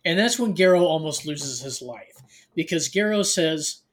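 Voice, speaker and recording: A man co-hosts a podcast, talking through a novel's plot in a loose, filler-heavy way. His voice sits a little high, and he teases his co-host with a dry wit. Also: expressive, a little slow. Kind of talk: casual chat recapping a novel.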